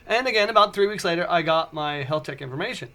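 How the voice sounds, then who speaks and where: A man in his forties, a podcast host, telling a personal story in a casual, animated way with frequent stumbling restarts. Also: a little high, quick pace. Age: 40s.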